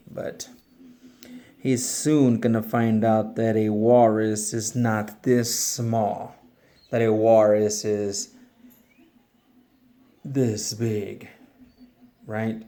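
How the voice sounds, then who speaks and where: A man reads a picture book to children and talks it through slowly and gently. His voice stays soft and calm, and he takes his time with every point he explains. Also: on the low side. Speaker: storyteller for children. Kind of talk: reading a picture book aloud and chatting.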